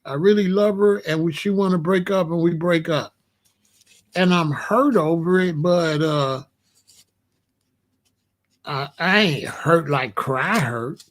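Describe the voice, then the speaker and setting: A middle-aged man, hosting a casual livestream, blunt and animated as he asks his chat for examples. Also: on the high side, takes it slowly, long pauses. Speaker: livestream host.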